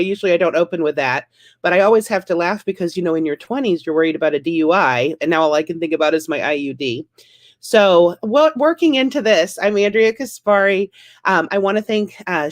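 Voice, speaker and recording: A woman in her thirties doing a stand-up comedy set, wry and self-deprecating, with punchy delivery. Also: lowish voice.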